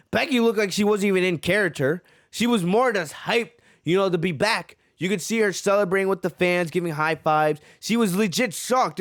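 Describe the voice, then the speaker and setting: High-voiced man ranting on a podcast. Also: a bit bright, no room sound, clean studio sound. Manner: frustrated, repeats himself, many fillers. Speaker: wrestling podcast host. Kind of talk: ranting reaction commentary.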